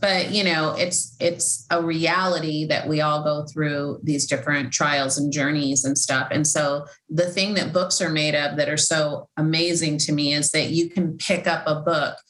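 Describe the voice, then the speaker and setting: Christian author, woman, casual rambling faith talk, slightly low voice, roomy sound. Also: fairly even intonation, normal speed, few pauses, a bit bright. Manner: rambling, heartfelt, many fillers and restarts. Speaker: Christian author and podcast host.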